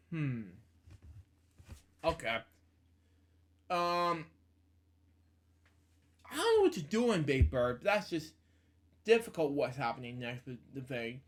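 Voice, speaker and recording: A man's voice: a little high, big pitch swings, takes it slowly, long pauses. A man hosting a casual book review, reading aloud and commenting in a rambling way with fillers and self-corrections.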